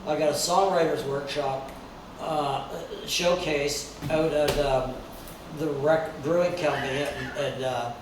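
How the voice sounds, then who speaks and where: An older man with a slightly high voice tells a rambling story full of restarts and fillers. He sounds a little distant from the mic, in a very echoey room with faint background noise. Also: fairly even intonation, unhurried. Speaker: guest songwriter and guitarist. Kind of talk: casual chat, storytelling.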